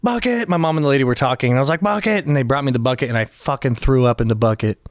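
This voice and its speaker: A man hosting a podcast, telling a story in an animated way and acting out what people said. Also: medium pitch, rapid-fire, no echo, studio quality. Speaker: podcast host. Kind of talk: casual podcast chat. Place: recording studio.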